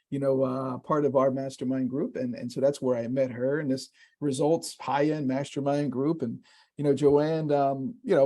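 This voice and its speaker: A man's voice: on the high side, warm tone. A man hosting an online session, introducing a guest in a loose, rambling way with many fillers and restarts. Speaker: webinar host introducing a guest. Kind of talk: casual conversational introduction. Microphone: video call.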